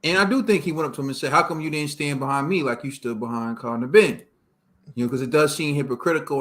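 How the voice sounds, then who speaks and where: A man's voice: mid-range voice, a bit bright. Slangy American podcast host man. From United States. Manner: slangy, teasing, says yo and bro. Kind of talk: casual chat.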